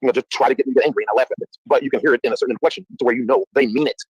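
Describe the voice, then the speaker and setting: A man in casual chat, talking in an animated, profane, rambling way. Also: mid-range voice, rapid-fire, husky, no echo, poor audio. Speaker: chat participant.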